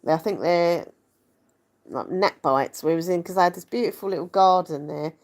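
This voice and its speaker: A young woman vlogger talks casually to her camera. She rambles and pokes fun at herself, her voice sitting slightly low for a woman. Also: moderate pace. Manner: chatty, rambling, self-deprecating.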